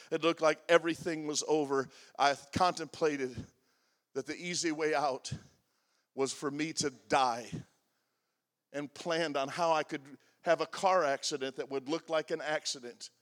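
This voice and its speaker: A man in his sixties preaches a personal, confessional sermon. His voice sits a little high for a man. He swings from loud, emphatic declarations to quiet, almost whispered lines. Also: steady tone, moderate pace. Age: 60s. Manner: confessional, shifting from loud emphatic to hushed and soft. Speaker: pastor.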